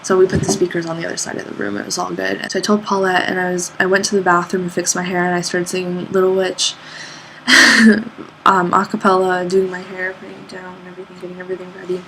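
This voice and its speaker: A young woman, an art student, recounting her day in a loose, rambling way, full of "like" fillers, jumping up high in pitch whenever she quotes someone. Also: monotone, fast, fairly bright tone, a little hiss or hum, low-quality recording. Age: young adult. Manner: rambling, lots of "like" fillers, acts out quoted people with sudden high pitch jumps. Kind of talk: casual spoken recollection.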